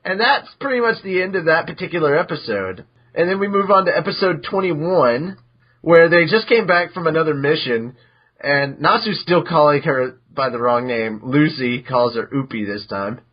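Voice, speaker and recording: A man casually recapping episodes on a podcast, animated and chatty, with a voice pitched a little high. He sometimes jumps into squeaky character voices as he tells it. The recording sounds dull and lo-fi. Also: normal speed, slightly rough. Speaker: podcast host.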